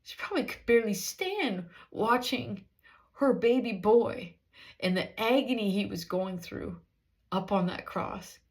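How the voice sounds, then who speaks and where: A woman's voice: medium pitch, expressive, a little slow, a little mellow. A woman preaching a sermon in an earnest, conversational way, with many rhetorical questions.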